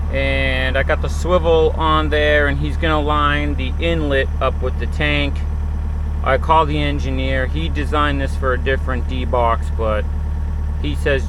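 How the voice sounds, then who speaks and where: A man's voice: medium pitch, background noise. A man giving a chatty, rambling walkthrough of a septic install outdoors on a job site, explaining each step as he goes. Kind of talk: casual on-site vlog narration.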